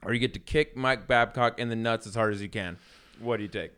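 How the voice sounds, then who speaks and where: A man hosting a podcast in casual chat, joking, swearing and laughing loudly. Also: lowish voice, quick pace, clear, resonant tone. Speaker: podcast host.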